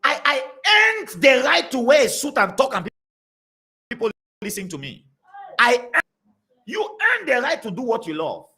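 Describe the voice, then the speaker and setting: A man preaching to a congregation, telling stories in an animated, repetitive way. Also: extremely high pitch, a little slow, gravelly, long pauses. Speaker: pastor.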